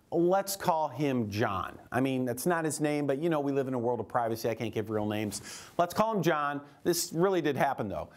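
A man hosting a radio show on finance, chatting casually and telling a story where he acts out the lines of the people in it. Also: fairly high pitch.

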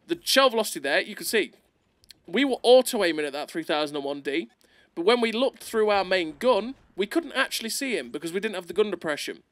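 A man doing excitable, playful gameplay commentary over a video, laughing often, recorded close on a desk mic. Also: sits high, a little fast, no room sound.

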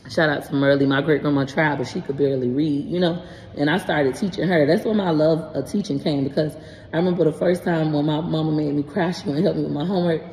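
Brief: frank, animated mom in her thirties, low mellow voice, echoey room with faint hiss. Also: quick pace. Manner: frank, animated, swears casually. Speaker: content creator and parent. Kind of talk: casual vlog explaining homework help.

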